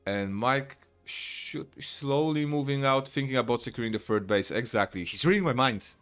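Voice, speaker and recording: A man casting a real-time strategy match live, chatty and quick to burst into excited shouts. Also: medium pitch, faint music behind. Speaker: esports caster. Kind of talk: live play-by-play game commentary.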